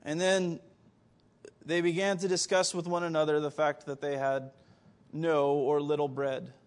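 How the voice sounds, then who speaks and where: A man's voice: fairly high pitch, measured pace. A man preaching a sermon, firing rhetorical questions at his listeners with occasional stammered restarts. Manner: animated, rhetorical questions to the congregation.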